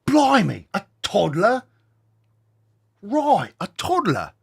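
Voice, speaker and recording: A man's voice: huge pitch swings, slow pace, gravelly, slightly rough, heavily acted. A man putting on an exaggerated British accent to play an incredulous, mocking bloke. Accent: British, put on. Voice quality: mocking, squeaky exaggerated pitch.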